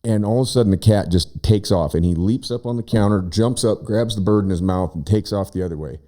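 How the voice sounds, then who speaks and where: A man from Oregon spins a long, rambling anecdote in a casual studio conversation, full of restarts and asides. His voice sits low and sounds mellow and unhurried. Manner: rambling, animated storyteller who shouts out quoted lines. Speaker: guest, visiting brother. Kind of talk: casual storytelling chat. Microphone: studio microphone.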